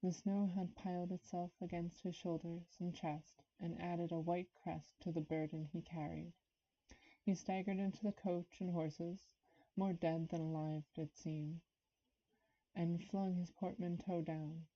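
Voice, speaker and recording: A woman's voice: lowish voice, level tone, unhurried, mellow. A woman reading a classic novel aloud on a live stream, a bit nervous, stopping now and then to chat with viewers. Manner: nervous, stops to comment and greet chat viewers. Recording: dull lo-fi stream audio.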